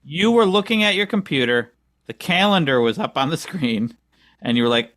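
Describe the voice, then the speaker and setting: A man's voice: on the high side, expressive, moderate pace, a bit bright, no echo, clean studio sound. A man co-hosting a podcast, playfully defensive and openly sarcastic in casual banter. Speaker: podcast co-host.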